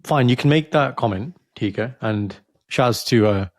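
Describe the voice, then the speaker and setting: A man's voice: medium pitch, normal speed, dry recording. Casual male podcast co-host, joking teacher vibe, dry mic. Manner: playful, teaching Punjabi words with jokes. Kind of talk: casual chat.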